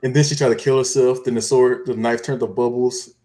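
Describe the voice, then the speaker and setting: A man's voice: medium pitch, little pitch movement, fairly quick, mellow. A man co-hosting a podcast in casual chat, walking through events step by step in a loose, rambling way. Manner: rambling step-by-step recap with restarts. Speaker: podcast co-host.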